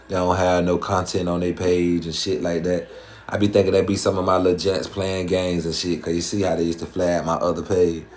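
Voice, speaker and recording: Hosting a live stream, a man from Georgia in the Southern US chats casually in a Southern American accent. His low, slightly mellow voice carries slangy, profane, rhyming streetwise patter, with slight background noise.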